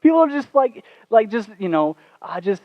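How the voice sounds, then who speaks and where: Man doing a high-pitched exasperated young woman, scolding, dull dry sound. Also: big pitch swings, normal speed, no room sound.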